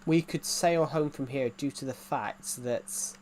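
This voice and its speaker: A man's voice: medium pitch, a little slow, a little mellow, a little hiss or hum. A man casually chatting while streaming a game, rambling and reacting to viewers' comments. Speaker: gaming streamer.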